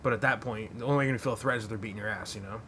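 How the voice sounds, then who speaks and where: A man's voice: lowish voice, rapid-fire, fairly bright tone, a little hiss or hum. A man hosting a podcast, telling a long story in a rambling, profane way full of fillers. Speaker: podcast host. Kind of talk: casual storytelling.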